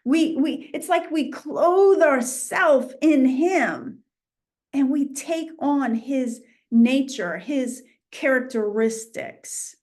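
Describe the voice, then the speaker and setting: Speaking slowly in a high-pitched voice, this middle-aged New Englander teaches a casual Bible lesson with lots of energy. She performs the imagined voices as she goes.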